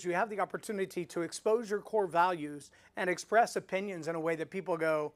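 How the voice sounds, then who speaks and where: A man's voice: sits high, fairly quick, few pauses. A middle-aged man, a speaking coach, teaching storytelling in a live webinar, acting out the voices he quotes. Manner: animated, acts out quoted voices.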